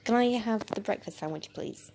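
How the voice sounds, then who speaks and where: A woman's voice: mid-range voice, normal speed, creaky, background noise, natural voice. A woman voicing a polite, hesitant teenage exchange student who apologizes a lot. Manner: apologetic and unsure.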